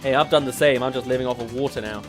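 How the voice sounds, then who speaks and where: A man's voice: medium pitch, rapid-fire, over music. A young English man streaming as a VTuber, chatting casually and laughing as he reads quiz questions aloud. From England.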